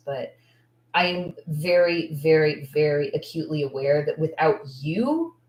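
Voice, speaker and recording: A woman coach talks straight to her viewers in a loose, rambling way, candid and gushing with thanks, full of likes and restarts. Her voice sits a little low for a woman. The sound bounces around an echoey room. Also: expressive, unhurried, a little mellow. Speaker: esthetician business coach. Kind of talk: casual livestream chat.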